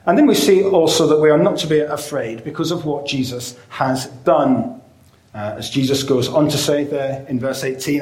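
A man preaching a sermon in a measured way, often pausing on "uh" and slowing down to stress key phrases. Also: a little high, darkish tone, roomy sound, low-quality recording. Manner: measured, with frequent "uh" fillers and slowed emphatic phrases.

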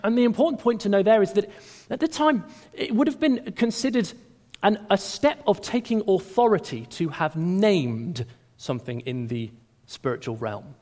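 A man preaching a sermon to a gathering, speaking with animated emphasis and raising his voice on quoted lines. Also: high-pitched, moderate pace. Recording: reverberant hall.

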